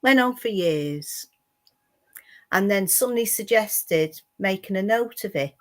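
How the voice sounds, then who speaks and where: A woman co-host on a casual live stream who speaks slowly and at an even pitch. She agrees readily with the others and tells her own story at an unhurried pace.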